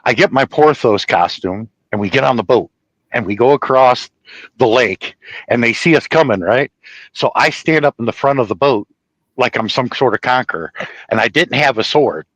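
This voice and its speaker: A man telling a personal story in a rambling, profane, animated way, laughing at his own tale. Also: mid-range voice, moderate pace, no room sound, rough recording.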